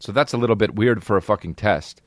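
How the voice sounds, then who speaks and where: A man's voice: lowish voice, quick pace, dry recording. A man hosting his own podcast, rambling and cursing casually through a monologue, slipping into mocking voices. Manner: profane, rambling, jumps into mocking put-on voices. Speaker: podcast host.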